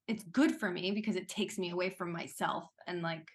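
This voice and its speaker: Chatty, animated woman actress. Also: on the low side. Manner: chatty and animated, quick laughs. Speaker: actress and interview guest. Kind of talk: casual interview talk.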